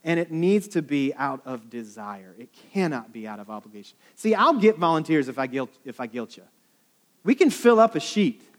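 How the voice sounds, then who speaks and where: Conversational male pastor, slightly high. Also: sing-song, normal speed. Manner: storytelling, conversational, with dramatic quoted asides. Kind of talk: sermon.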